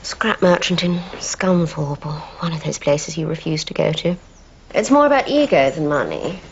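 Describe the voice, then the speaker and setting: A woman's voice: low voice, very animated, normal speed, lo-fi sound, a little hiss or hum. Posh, teasing Englishwoman. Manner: crisp, mocking. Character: arch, teasing upper-class woman. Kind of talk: TV drama acting.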